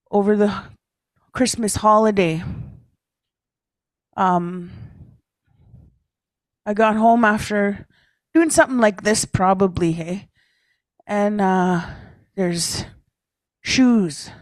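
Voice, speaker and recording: At a leaders' caucus, a woman tells personal stories in a chatty, self-mocking way, laughing often and tagging her lines with a questioning "eh?" Her voice is mid-range, and the recording is dry.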